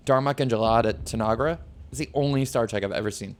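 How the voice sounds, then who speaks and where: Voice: medium pitch, quick pace. A streamer giving chatty, sarcastic commentary while playing a game. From New Jersey. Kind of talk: casual gameplay commentary.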